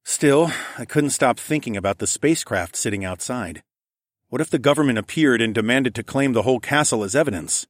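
A man narrating an audiobook in the first person, in a calm, even, low-key way. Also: fairly quick, no echo, clean studio sound.

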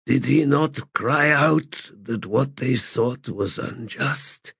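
A man voicing a broken, chained god who speaks in a frail, halting voice. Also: medium pitch, fairly bright tone, no echo, pitched above the performer's own voice, full character voice. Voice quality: frail, breathy. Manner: slow, pleading, halting.

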